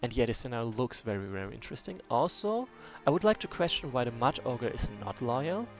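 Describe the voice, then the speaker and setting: A game player with a medium-pitched, sing-song voice gives casual gameplay commentary a little fast, musing to himself as he thinks aloud. He sounds hesitant, using many fillers and restarts, and the lo-fi recording makes his voice dull with faint music behind it.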